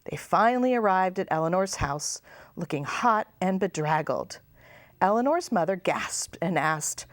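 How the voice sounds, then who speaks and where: Brief: children's librarian at storytime, lively melody, close dry mic. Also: female voice, fairly low pitch, unhurried, no echo. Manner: expressive, sing-song. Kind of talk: storytime read-aloud.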